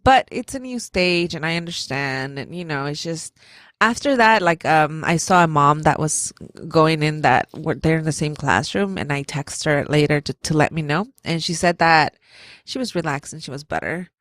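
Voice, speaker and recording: Chatty woman co-host with a low voice. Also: moderate pace, fairly bright tone, no echo. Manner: chatty storyteller, many fillers like "like". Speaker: podcast co-host. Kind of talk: casual chat.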